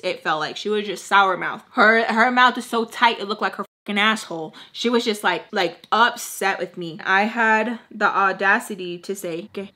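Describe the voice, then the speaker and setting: A woman's voice: medium pitch, bright, forceful tone. A young woman in her twenties telling a storytime while doing her makeup, blunt and profane, peppering her speech with Spanish and fillers. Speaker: storytime vlogger.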